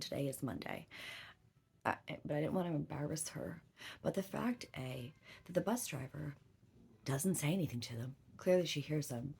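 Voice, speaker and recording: A woman's voice: low voice, creaky, a little mellow, husky. A woman in her thirties telling a long story in casual chat, rambling and swearing freely. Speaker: tarot reader.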